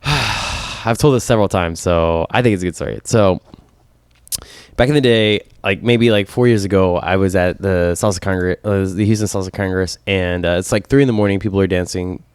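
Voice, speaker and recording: A man on a casual podcast, telling a long story with lively swings and quoting himself in a higher voice. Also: fairly quick, clear, resonant tone, dry recording. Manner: animated storyteller, voice jumps up when quoting himself. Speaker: podcast co-host.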